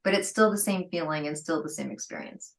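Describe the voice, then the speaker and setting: A middle-aged woman, a guest entrepreneur, telling stories in an interview, lively and laughing, acting out the people she quotes. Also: sits low, a little fast, gravelly, rough recording. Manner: lively, acts out quoted dialogue, laughs often. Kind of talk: storytelling interview talk.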